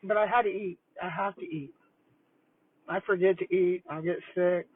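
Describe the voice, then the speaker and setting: A woman's voice: fairly low pitch, fairly even intonation, normal speed, husky. Older woman, retired principal type, rambling and chatty while eating; thin phone-quality sound. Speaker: retired school principal vlogger. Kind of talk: casual livestream chat over lunch. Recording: tinny phone-like dry audio.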